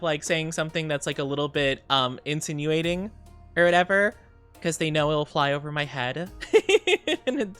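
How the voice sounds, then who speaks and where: A young woman streaming casually, chatting with viewers in a bubbly, giggly way with cutesy slang. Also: on the low side. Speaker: VTuber streamer. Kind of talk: casual live-stream chat, greeting viewers.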